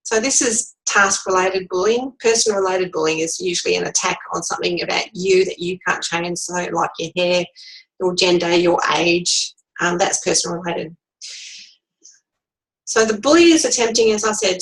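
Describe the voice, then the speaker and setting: A woman coach giving a calm, measured instructional lesson on handling workplace bullies. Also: on the low side, creaky, poor audio. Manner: calm, measured, demonstrates sample replies.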